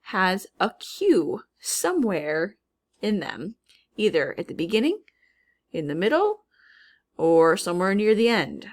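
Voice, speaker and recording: A woman teacher leading a recorded spelling lesson, slowly repeating each word and sounding out its parts. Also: mid-range voice.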